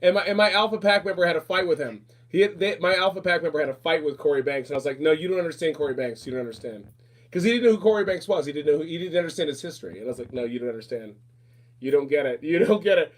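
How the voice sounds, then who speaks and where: Fast-talking flamboyant man. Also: on the high side. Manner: fast, flamboyant, repeats phrases, calls people darling. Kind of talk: casual chat.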